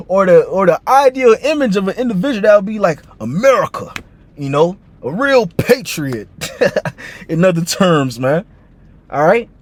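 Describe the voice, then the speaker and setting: A man giving casual commentary built on scripture, ending nearly every phrase with "man" or "all right" and often stammering through restarts. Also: high-pitched. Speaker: online commentator and preacher.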